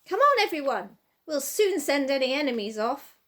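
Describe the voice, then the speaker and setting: A woman's voice: high-pitched, animated, normal speed, pitched above the performer's own voice. A woman voicing an eager, bold young boy who calls out keenly. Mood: urgent.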